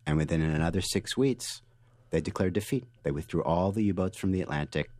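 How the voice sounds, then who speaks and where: A man being interviewed as a guest author, telling stories with lively energy and frequent restarts. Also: sits low, a little fast, no room sound. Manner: animated storyteller, restarts often. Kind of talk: interview answers.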